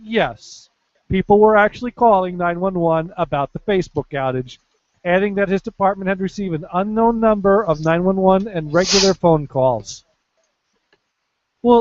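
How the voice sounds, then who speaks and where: A man with an East Coast American accent co-hosting a casual podcast, reading odd news stories with dry, sarcastic asides. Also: dry recording. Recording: dull, low-fidelity podcast audio.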